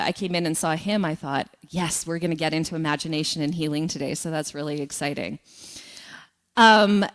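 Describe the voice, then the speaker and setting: A woman giving a spiritual talk to a congregation, telling lively personal stories and asking the audience questions. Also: fairly low pitch. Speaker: guest speaker.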